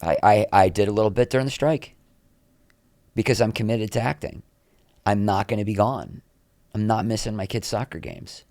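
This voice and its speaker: A man's voice: fairly low pitch, normal speed, pauses often, no room sound. A middle-aged man, an actor, telling candid behind-the-scenes stories as a podcast guest and acting out what others said. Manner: animated, acts out quotes from others. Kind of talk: candid storytelling interview.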